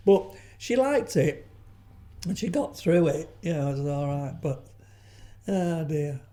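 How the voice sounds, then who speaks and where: An older man chats as an interview guest, his voice mellow and warm. He wanders through anecdotes, restarting sentences and adding asides as he goes. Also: a little high, expressive, takes it slowly. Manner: rambling storyteller, frequent restarts and trailing asides. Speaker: guest, veteran comedian.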